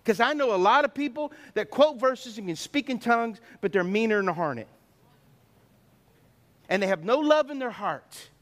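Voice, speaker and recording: A middle-aged man preaching a sermon, telling stories with sound effects and acted asides. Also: very high voice. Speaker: pastor.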